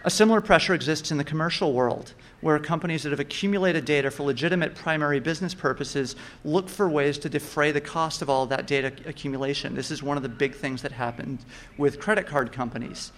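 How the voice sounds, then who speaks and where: A man giving an explanatory talk, measured and methodical, with occasional fillers and restarts. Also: on the high side, fairly bright tone.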